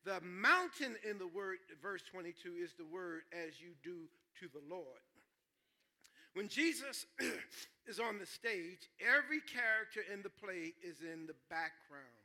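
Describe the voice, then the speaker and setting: A man preaches in church, his tone high and bright. He is animated and joking, and he keeps checking in with the congregation as he teaches from the scripture. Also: measured pace. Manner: animated, jokes with the congregation, calls out "stay with me". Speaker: pastor. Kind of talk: sermon.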